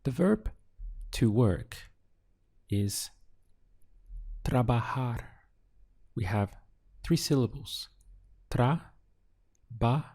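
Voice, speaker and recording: A man whose first language is Spanish, giving a slow audio language lesson and drilling phrases with patient pauses. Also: medium pitch, very animated, gravelly, dark tone, breathy edge. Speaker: Spanish tutor.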